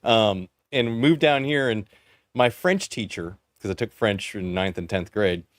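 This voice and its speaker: A man's voice: on the low side, unhurried, no echo, clean studio sound. A man from Canada telling rambling stories in a casual group chat, laughing often. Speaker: podcast co-host.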